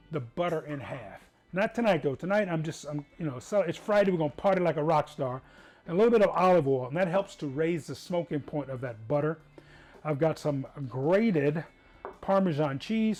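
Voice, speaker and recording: A man's voice: a little high, a little mellow. Upbeat, chatty man hosting a cooking show. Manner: chatty, upbeat, rambling asides. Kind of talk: casual cooking demonstration.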